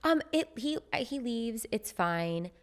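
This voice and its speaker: A woman's voice: on the high side, expressive, slow pace. A woman guest on a podcast, telling a personal story in casual chat, full of "like" fillers and acted-out quoted dialogue. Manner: chatty, frequent "like" fillers, acts out quoted dialogue.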